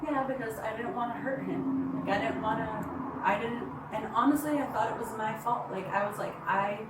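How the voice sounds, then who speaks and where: Distant woman on bodycam audio, halting. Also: on the high side, reverberant, very noisy. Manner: halting, rambling, many fillers. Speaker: complainant reporting to police. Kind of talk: recounting an incident to police. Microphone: body-worn camera.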